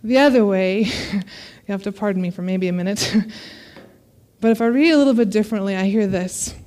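A woman's voice: mid-range voice, normal speed, a little mellow. A woman preaching a sermon, a parent, reading scripture with dramatic expression and light laughter. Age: adult parent.

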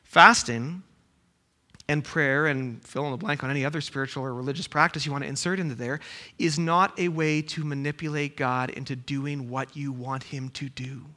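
A man's voice: mid-range voice, fairly even intonation, normal speed, sharp tone. A man preaching a sermon, reading scripture aloud and then explaining it with rhetorical questions. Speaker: pastor.

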